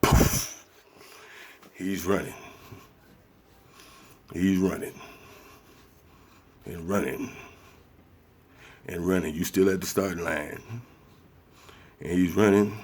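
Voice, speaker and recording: A man's voice: fairly even intonation, slow pace, long pauses, darkish tone, husky. A man, talking bluntly and profanely in a casual ranting monologue. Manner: blunt, profane, acts out others in high mocking voices. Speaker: commentary vlogger.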